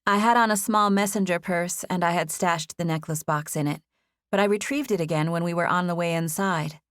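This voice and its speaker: A woman narrating a first-person romance audiobook in a gentle, expressive reading. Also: fairly low pitch, fairly quick, dry recording, studio quality.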